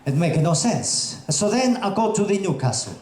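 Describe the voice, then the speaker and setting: Halting stand-up comic in an echoey theatre. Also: male voice, sits high, big pitch swings, darkish tone. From Russian parents, raised in Colombia. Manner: hesitant, halting delivery with many fillers. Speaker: stand-up comedian. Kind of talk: stand-up comedy set on stage. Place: theatre stage before a live audience. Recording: echoey theatre with audience ambience.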